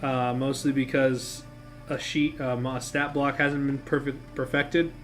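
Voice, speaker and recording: A man's voice: mid-range voice, little pitch movement, unhurried, over music. A man acting as game master who recaps and narrates a tabletop game on a stream in a casual, rambling way, swearing freely and correcting himself as he goes.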